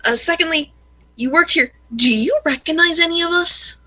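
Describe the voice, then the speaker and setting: A woman player speaking in character, polite and tactful with hesitant pauses. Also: very high voice, bright, forceful tone. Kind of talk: in-character tabletop role-play.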